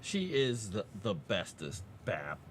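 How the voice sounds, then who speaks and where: Chatty man with a lively voice. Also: on the low side, takes it slowly, a little hiss or hum. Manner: rambling and chatty, with many fillers and asides. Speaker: streamer. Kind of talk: casual live-stream chat.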